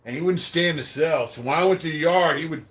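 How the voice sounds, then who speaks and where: A man with a slightly high voice talks fast as he hosts a podcast, rambling through profane stories about prison life and thanking viewers for their super chats. His casual tales tend to trail off quietly.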